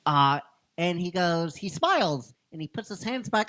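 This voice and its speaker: A man's voice: high voice, lively intonation, moderate pace, bright, forceful tone. A man casually retelling a fan-written story, rambling, laughing often and teasing his cohost. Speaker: storyteller narrating a fan script.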